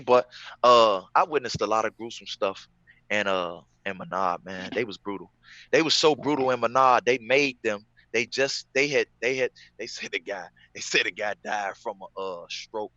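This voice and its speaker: A man's voice: on the low side, normal speed, pushed and bright, dry recording. Man, former prisoner, casual storytelling, emphatic repetition, dull lo-fi sound. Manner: emphatic, repeats phrases.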